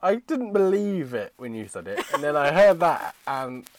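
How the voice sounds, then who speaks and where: A man from England co-hosting a casual chat podcast, playful and quick to laugh. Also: fairly high pitch, very animated, dry recording. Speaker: podcast co-host.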